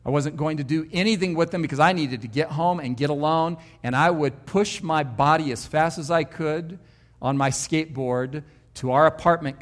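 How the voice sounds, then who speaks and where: A man, a pastor, preaching a sermon and telling his own story with emphatic, varied delivery. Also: fairly high pitch.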